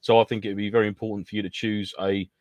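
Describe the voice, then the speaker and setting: A man's voice: on the low side, flat delivery, rapid-fire, a little mellow, no echo, highs cut off. A man co-hosting a podcast over a video call, teasing, laughing often and rambling through advice. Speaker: podcast co-host. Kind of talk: casual chat.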